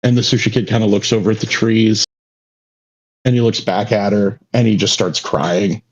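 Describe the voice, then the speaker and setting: A man's voice: lowish voice, steady tone, moderate pace, dull audio. A man running a tabletop game as game master, narrating with many halts and restarts.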